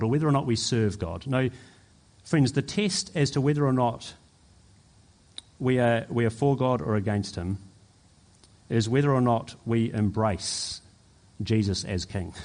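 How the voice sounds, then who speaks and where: A man preaching a sermon as pastor, emphatic and building to forceful peaks. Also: mid-range voice.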